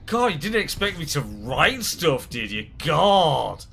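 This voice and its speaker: Bright-voiced man chatting on a game stream. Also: on the high side, big pitch swings, slow pace, vocal fry, a little hiss or hum. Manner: joking, rambling, laughs often. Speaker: streamer host. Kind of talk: casual chat while gaming.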